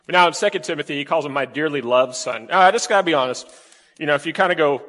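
A pastor delivers a sermon in a lively, conversational way, often turning to the congregation with questions. His voice sits a little high for a man, and it rings with a long reverb from a large church room. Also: quick pace. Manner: animated, conversational preaching with rhetorical questions.

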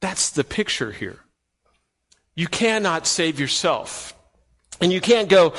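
A man preaching a sermon as pastor, emphatic and full of rhetorical questions to the congregation, his voice swinging from loud and high to low and quiet. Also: big pitch swings, slow, pauses often. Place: church sanctuary. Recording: long reverb from a large hall.

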